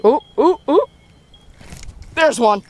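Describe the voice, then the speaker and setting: A man's voice: extremely high pitch, animated, takes it slowly, background noise. A man hosting a casual fishing vlog, talking outdoors from a small boat on a lake into an action camera and cheering on his fishing partner. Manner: upbeat, coaching a companion as fish come in. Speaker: fishing channel host. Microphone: action camera mounted on or near him.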